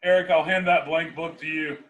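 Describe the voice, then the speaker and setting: A man's voice: a little high, steady tone, brisk, narrow, tinny audio. A man playing a tabletop game, asking questions in a casual, inquisitive way. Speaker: player.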